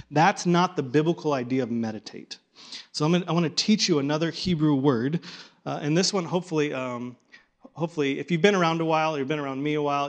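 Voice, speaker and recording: Male Bible teacher, slightly high voice, animated and repetitive, pulls the group in. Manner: animated, repeats and restarts words, coaxes the group to join in. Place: room with a live group.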